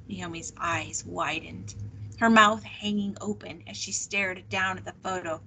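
Bright-voiced woman reading a novel aloud. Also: lowish voice, fairly even intonation, measured pace, a little hiss or hum, low-quality recording. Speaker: teacher.

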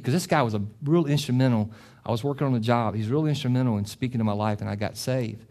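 A middle-aged man preaching a sermon as pastor. He talks with passion, often repeats and restarts phrases, and climbs to loud, emphatic peaks. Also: medium pitch, fast talker. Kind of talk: sermon with closing prayer.

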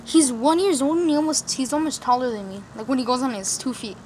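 In a yard near a road, a woman vlogs casually into a phone camera held facing herself, rambling with slang and plenty of fillers. Her voice is high, animated, quick, and a little mellow. The outdoor phone recording has poor audio, with street traffic and outdoor ambience behind her.

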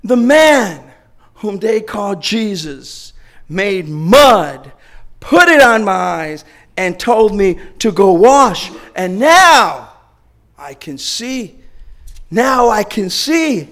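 A man who was blind and can now see tells what happened in slow, wondering words, as a preacher voices him. The voice sits high for a man. It is a plain voice with no strong character change. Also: sing-song, a bit bright, exaggerated voice. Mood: amazed. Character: formerly blind man, newly healed, joyful.

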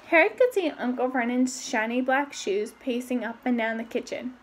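Woman, high voice, casual read-aloud of a novel, chatty asides. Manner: reads quickly with asides, raising pitch for quoted voices. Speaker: reader.

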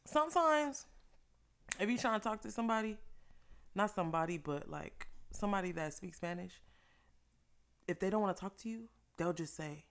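A young woman casually telling a story while eating, animated and profane, laughing often. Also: medium pitch, moderate pace, vocal fry. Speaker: vlogger.

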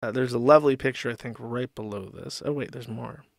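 A man's voice: mid-range voice, a little fast, creaky, dry recording, studio quality. A man hosting a casual commentary stream, reading posts aloud with sarcastic mockery. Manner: sarcastic, mocking, reads posts aloud in exaggerated voices. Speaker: streamer host.

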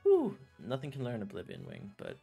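A man chatting casually with friends during a video game, laid-back and joking, often trailing off quietly at the ends of phrases. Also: fairly low pitch, huge pitch swings, a little fast, vocal fry, over loud music. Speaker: co-host of a game playthrough. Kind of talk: casual gaming chat.

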